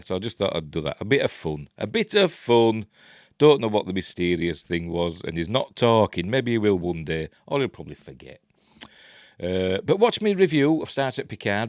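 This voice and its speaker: A man's voice: deep voice, dry recording, clean studio sound. A man with a Yorkshire accent giving casual news commentary as a channel host, chatty and jokey, with frequent laughs and rambling asides.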